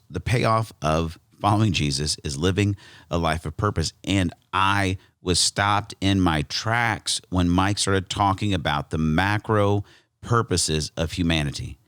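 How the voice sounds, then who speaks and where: An American man hosting a podcast, talking in a joking, animated way with frequent restarts. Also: low-pitched, dry recording, studio quality. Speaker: podcast host. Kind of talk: casual podcast chat and monologue.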